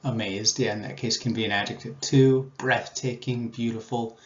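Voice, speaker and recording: A man's voice: medium pitch, steady tone, reverberant, dull audio. A man teaching English, explaining a speaking test and reading model passages aloud with careful stress on key words. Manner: slow, deliberate modeling of word stress.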